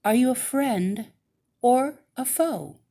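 A kindly, matter-of-fact good witch from a storybook, voiced by a woman, who explains things at an unhurried pace. Her voice moves lively up and down. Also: fairly high pitch, pitched above the performer's own voice, exaggerated voice. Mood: calm.

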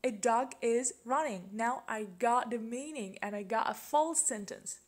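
A woman's voice: a little high, measured pace. A woman teaching an English grammar lesson, patiently asking questions and repeating example sentences.

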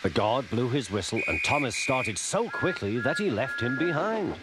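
A man narrating a children's storybook in a lively, expressive way. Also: medium pitch, normal speed, heavy background noise. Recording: loud music underneath.

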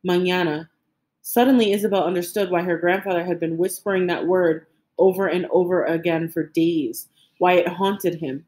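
This is scripted audiobook narration: a woman reads from a novel in a fairly low voice, keeping her delivery steady yet full of expression.

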